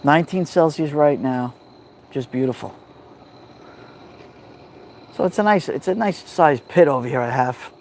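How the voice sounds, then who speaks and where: A man with a New York accent hosting a relaxed livestream from a backyard fire pit at night, greeting viewers by name on a phone. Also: on the high side, fairly quick, few pauses, slight background noise. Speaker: livestream host. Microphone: phone held near the fire.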